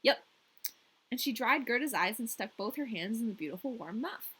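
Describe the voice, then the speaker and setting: A woman's voice: a little high, expressive, normal speed, a bit bright, breathy edge, low-quality recording. A woman co-hosting a podcast, reading a fairy tale aloud in a casual way with playful, joking asides. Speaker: podcast co-host and story reader.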